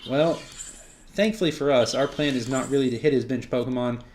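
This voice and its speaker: A man casually commenting on his own card game match, thinking out loud as he plays. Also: medium pitch, fairly quick, a little hiss or hum. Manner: chatty, thinks out loud with frequent "uh" and "okay".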